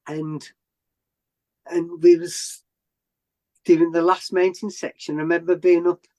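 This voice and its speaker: A man's voice: on the high side, big pitch swings, takes it slowly, gravelly, mellow. A man talks through a story as a podcast guest. His delivery is casual and rambling, full of fillers and restarts. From England. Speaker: interview guest.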